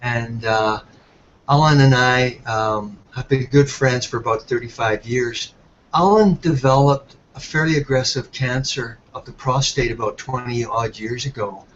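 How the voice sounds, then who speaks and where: A man's voice: mid-range voice, unhurried, a bit bright. A man with an Irish accent giving a friendly, rambling talk full of fillers on a webinar. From Ireland. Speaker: presenter on a webinar. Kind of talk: casual talk. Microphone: computer mic on a web call. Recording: dull web call audio with faint noise.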